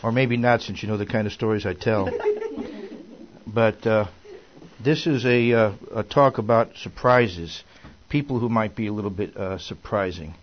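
A man delivers a rambling, folksy sermon, full of fillers and false starts. His voice sits on the low side. The recording sounds dull and lo-fi. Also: unhurried, a little hiss or hum. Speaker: minister.

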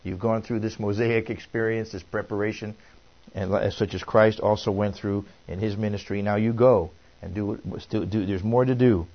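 A man preaching a Bible study, reading scripture aloud and then explaining it in a relaxed, conversational way with frequent restarts. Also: on the low side, a little fast, dull audio.

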